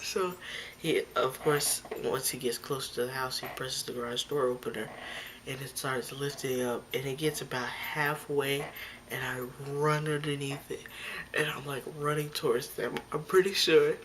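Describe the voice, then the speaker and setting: Young woman telling a storytime vlog, low voice, lots of "like", bit of faint room hiss. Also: fairly even intonation, a little slow. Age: young adult. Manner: chatty, fillers like "like", acts out her own lines. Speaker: vlogger. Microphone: phone or camera close by.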